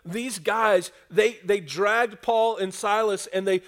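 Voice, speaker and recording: Here a pastor with a high-pitched voice preaches at a measured pace, pausing little. He animatedly retells a scripture passage, acting out its quotes while speaking to the congregation.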